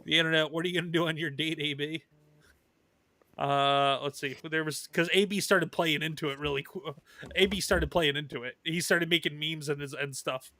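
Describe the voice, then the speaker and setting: A man's voice: fairly high pitch, steady tone, moderate pace, pushed and bright, no echo. A man co-hosting a casual live stream, reading viewer comments aloud and laughing often. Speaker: stream co-host reading chat.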